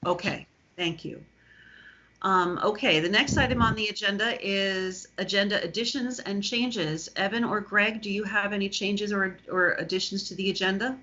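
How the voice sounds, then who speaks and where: A woman's voice: mid-range voice, normal speed, bright, forceful tone. A woman chairing a remote public board meeting, polite and procedural with frequent ums. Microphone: video call. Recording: lo-fi video call audio.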